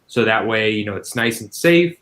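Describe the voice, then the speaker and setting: A man's voice: lowish voice, animated, normal speed, a bit bright, low-quality recording. A man, a guest expert on senior living, answering interview questions in a casual, explanatory way with frequent "you know" fillers.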